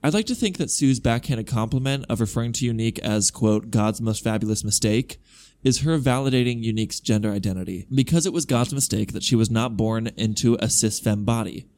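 A man's voice: mid-range voice, a little fast, a little mellow. A man co-hosting a podcast, reading listener emails aloud and reacting with casual, wry asides. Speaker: podcast co-host.

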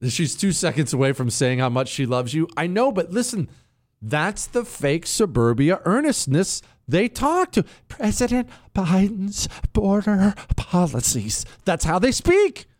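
A man hosting a casual opinion talk show, sarcastic and animated, riffing and mocking as he talks. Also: on the high side, moderate pace, no echo. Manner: sarcastic, animated, riffs and mocks.

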